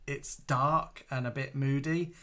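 A man's voice: mid-range voice, fairly even intonation, takes it slowly, fairly bright tone. A man co-hosting a casual live-stream chat, chatty and enthusiastic, reading out viewer comments. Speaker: co-host.

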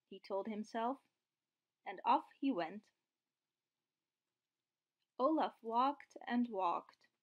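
A woman reading a children's picture book aloud, slow and clear. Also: fairly high pitch, highs cut off. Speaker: storyteller.

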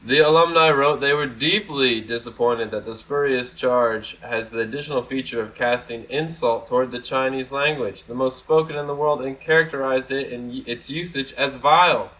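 Bright-voiced sarcastic man ranting. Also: mid-range voice, moderate pace, hardly any pauses, poor audio. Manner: blunt, sarcastic and profane, with frequent restarts. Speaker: commentary vlog host. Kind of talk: casual commentary reading news articles.

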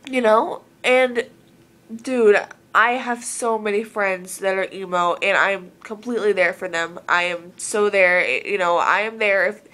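A woman's voice: medium pitch, fairly bright tone. A woman from Southern Oregon talking casually to camera in an earnest, rambling way, full of filler words. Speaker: vlogger.

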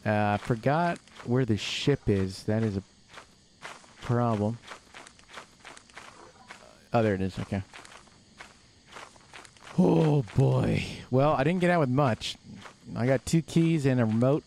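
Young man, let's play host, excitable, jokey, lively pitch, slow-paced. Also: vocal fry, slight background noise. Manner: excitable, yelps and pleads when scared, mild swearing; jokey boasting. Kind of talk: casual gameplay commentary.

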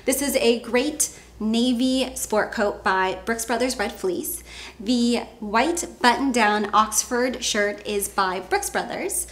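A woman's voice: a little high, slow, a bit bright. A woman presenting men's outfits in a fashion vlog, upbeat and enthusiastic. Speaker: fashion vlogger.

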